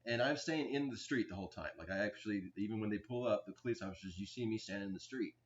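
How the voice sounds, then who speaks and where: A man in his forties giving a rambling, aggrieved personal account, halting often with restarts and fillers. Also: fairly low pitch. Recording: dull lo-fi recording.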